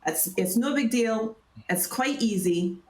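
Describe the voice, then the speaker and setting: A woman's voice: fairly high pitch, expressive, unhurried, darkish tone. A woman voicing a bundled-up female scholar, friendly and rambling, with a put-on Welsh accent. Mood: chatty. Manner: friendly, rambling, stumbles a little. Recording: roomy echo, faint noise.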